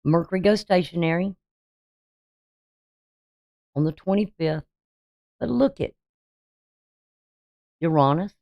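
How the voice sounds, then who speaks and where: A woman astrologer talks her viewers through a coming forecast. Her voice sits somewhat low, and the sound is dry with no room around it. She is emphatic and a little preachy, leaning on rhetorical questions to drive her points home. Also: expressive, takes it slowly, creaky, pauses often, no echo, highs cut off. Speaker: astrologer and tarot reader.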